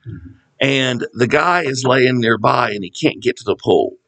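A man's voice: medium pitch, measured pace, a bit bright, poor audio. A man leading a casual Bible study, talking conversationally with asides and reading scripture passages aloud. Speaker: Bible teacher.

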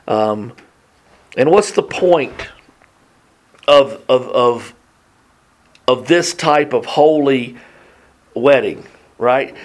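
Enthusiastic man talking through scripture. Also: mid-range voice. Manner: enthusiastic, reads scripture aloud then comments. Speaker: Bible teacher. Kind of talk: casual Bible study talk.

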